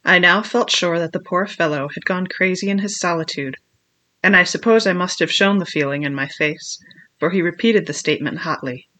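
A reader narrating a classic adventure novel in measured first-person storytelling. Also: mid-range voice, bright, forceful tone.

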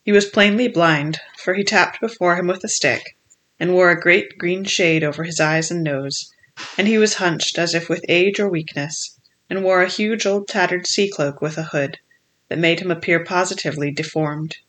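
Audiobook narrator, classic novel, measured, steady storytelling. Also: medium pitch.

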